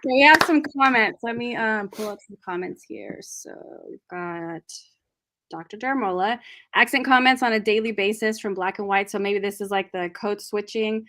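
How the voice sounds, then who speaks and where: A woman's voice: medium pitch, moderate pace, pushed and bright. A woman hosting a live book discussion, reading out viewer comments in a chatty way. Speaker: host.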